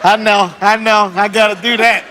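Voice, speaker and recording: A man's voice: high voice, normal speed, a crowd in the background. A man telling comic stories as a talk show guest, acting out the voices and laughing as he goes. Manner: animated, acts out voices, laughs mid-sentence. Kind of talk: comedic storytelling. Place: TV studio before an audience. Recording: reverberant studio with loud noise.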